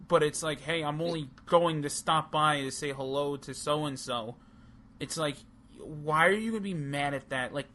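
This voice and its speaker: A man co-hosting a casual chat show, ranting heatedly with plenty of swearing and restarts. His voice sits a little high. Faint noise hangs behind him. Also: sharp tone. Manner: heated, profane, rambling with restarts. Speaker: podcast co-host.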